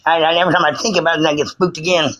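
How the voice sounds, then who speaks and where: A man calling in to share a story, speaking haltingly and repeating words. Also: a little high, level tone, crowd noise, poor audio. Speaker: caller telling a story. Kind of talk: casual storytelling.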